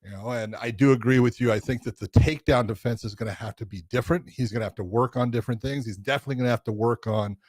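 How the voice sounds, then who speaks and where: Older man, podcast co-host, casual animated storytelling, swears a bit, dry close mic. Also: medium pitch, fast, hardly any pauses, no echo. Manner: animated storyteller, acts out quoted voices, swears. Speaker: podcast co-host, former referee.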